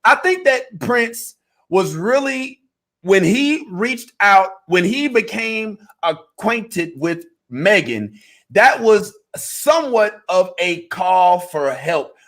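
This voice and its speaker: A man co-hosting a podcast in casual chat, animated and joking around. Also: sits high, slow. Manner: animated, slips into mock voices and jokes. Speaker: podcast co-host.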